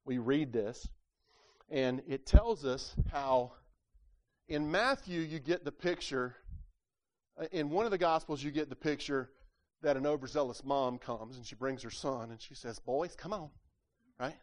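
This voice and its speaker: A man with a mid-range voice, speaking a little slowly, preaches a sermon. He poses rhetorical questions to the congregation, repeats words as he goes, and acts out the voices from scripture stories.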